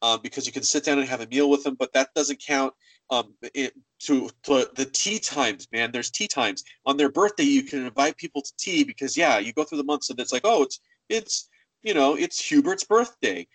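Male podcaster, mid-pitched, lively game talk, dry close mic. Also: a little fast, no echo, rough recording. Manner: animated, acts out game dialogue in funny voices. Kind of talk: casual gaming chat.

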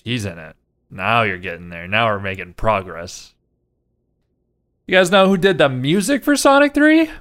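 A man with a smooth, clear voice chats casually on a podcast, rambling through his opinions. He leans on fillers and lets sentences drift off quietly. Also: mid-range voice, very animated, moderate pace, long pauses. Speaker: podcast co-host. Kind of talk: casual movie review chat.

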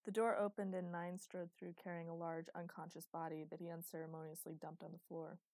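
A woman narrating a story aloud in a steady reading voice. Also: fairly low pitch, fairly quick, no echo. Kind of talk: audiobook narration.

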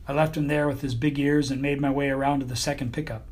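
A man's voice: mid-range voice, fairly even intonation, fast, hardly any pauses, a little mellow, husky. A man reading a comic children's story as an audiobook narrator, in a folksy, mock-grand manner.

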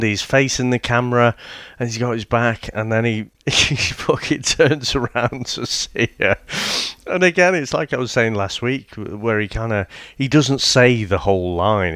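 A man's voice: medium pitch, fairly bright tone, dry recording, studio quality. A man co-hosting a podcast, casually discussing a TV show, laughing easily and speaking expressively. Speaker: podcast co-host. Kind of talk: casual chat reviewing a TV show.

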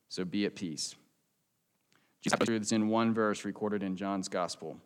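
A man preaching a sermon in a church as a pastor, in an earnest, conversational way, and closing in a quiet prayer. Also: fairly low pitch, fairly even intonation, a little slow, clean tone.

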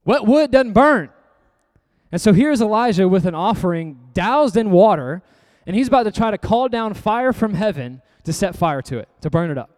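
A man's voice: high voice, expressive, a little fast, darkish tone, long reverb tail. A man preaching an evening sermon, reading scripture aloud and then explaining it with earnest, conversational rhetorical questions. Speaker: pastor.

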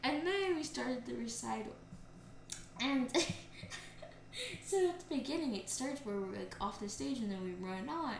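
A woman's voice: a little high, measured pace, gravelly. Rambling young woman podcast co-host. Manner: rambling, animated storyteller. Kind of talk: casual chat. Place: indoors, TV on nearby. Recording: echoey room with faint noise.

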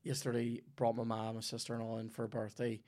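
A man's voice: mid-range voice, completely flat delivery, fast talker, darkish tone, dry recording. Sweary Northern Irish man, dry close mic. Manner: rambling, profane, jokey. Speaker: podcast host. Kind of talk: sweary comedic ad read.

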